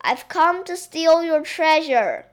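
A woman voicing a naughty little girl princess who plays pirate, pouty and excitable. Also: fairly high pitch, takes it slowly, full character voice. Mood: pouty excited.

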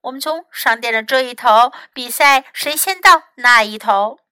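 A woman voicing an eager, competitive young boy fox in a storybook reading, with excited, boastful lines. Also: a little high, normal speed, smooth, no room sound, studio quality.

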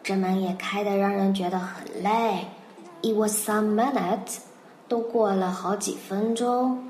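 A woman's voice: medium pitch, steady tone, measured pace, darkish tone, a little hiss or hum. A Mandarin-native woman telling a children's story and explaining English words, patient and repeating phrases. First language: Mandarin Chinese. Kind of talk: bilingual storytelling lesson. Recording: roomy recording, faint music.

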